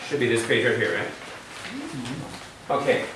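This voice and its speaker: A man's voice: medium pitch, wildly swooping pitch, slow, fairly bright tone, a little hiss or hum. A man teaching a Hebrew class, patiently quizzing students and walking them through the material. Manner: patient, asks the class questions. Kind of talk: classroom lecture. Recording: echoey room from far off.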